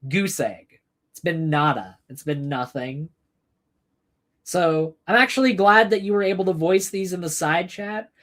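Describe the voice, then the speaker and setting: A woman's voice: on the low side, measured pace, fairly bright tone. A woman hosting a livestream, delivering an angry, profane and sarcastic political rant while addressing chat commenters by name. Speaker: livestream host answering chat.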